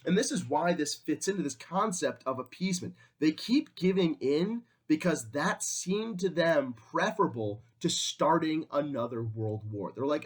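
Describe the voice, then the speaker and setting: A man's voice: fairly high pitch, animated, normal speed, hardly any pauses, husky. A man teaching a history class in a conversational way, often acting out quotes in different voices. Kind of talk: classroom lecture.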